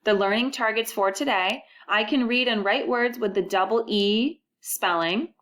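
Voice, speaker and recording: A woman teaching a recorded first-grade phonics lesson, modeling sounds clearly and prompting children to repeat after her. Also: mid-range voice, moderate pace, a bit bright.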